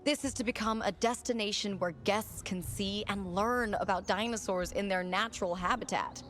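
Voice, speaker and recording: A woman's voice: medium pitch, normal speed, fairly bright tone, slight background noise, natural voice. An actress voicing a composed female business liaison in a video game, speaking in a businesslike way. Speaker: game character.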